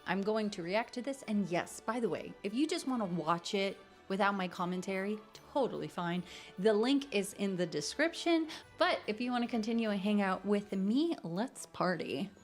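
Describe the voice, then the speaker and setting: A woman with a voice of middle pitch talks to her viewers as the host of a musical theatre reaction video. She is bubbly and chatty, and she laughs easily as she shares her thoughts. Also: lively intonation, moderate pace, faint music behind. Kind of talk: casual reaction commentary.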